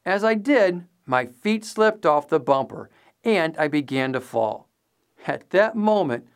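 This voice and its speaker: Lively voice narrating a personal story. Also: mid-range voice. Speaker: speaker introducing a sermon. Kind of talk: scripted narration.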